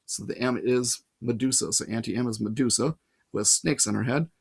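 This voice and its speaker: A man reading a novel aloud in a casual way, pausing to add his own comments. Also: medium pitch, gravelly, slightly rough. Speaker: reader. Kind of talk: audiobook reading with asides.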